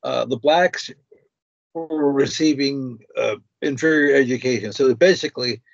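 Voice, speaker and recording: Hesitant mid-pitched man, dry lo-fi. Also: unhurried, gravelly, dry recording. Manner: hesitant, many uh and restarts. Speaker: guest. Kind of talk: talk show conversation. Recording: dry dull lo-fi sound.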